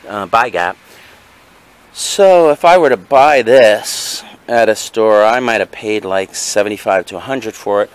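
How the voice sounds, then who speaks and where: A chatty man showing off his thrift finds in a casual vlog. His voice swings up and down as he rambles from one item to the next. He talks straight to the viewer and corrects himself as he goes. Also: medium pitch.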